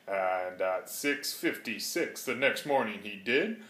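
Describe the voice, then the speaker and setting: A man's voice: lowish voice, lively intonation, takes it slowly, sharp tone, slight background noise. Sing-song man reading a rhyming storybook. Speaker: reader. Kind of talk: storybook read-aloud. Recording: roomy echo.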